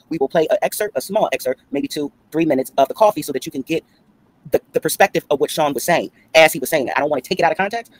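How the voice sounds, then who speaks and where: A man hosting his own commentary stream from a room at home, blunt and profane, speaking straight to his viewers over an old phone. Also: fairly high pitch. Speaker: commentary channel host. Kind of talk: casual live-stream commentary.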